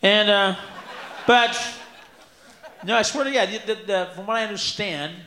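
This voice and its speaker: Loud, profane man doing stand-up. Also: sits high, measured pace. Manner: loud, profane, bursts into shouting. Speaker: stand-up comedian. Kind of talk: stand-up comedy set. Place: live comedy stage. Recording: echoey live venue with room noise.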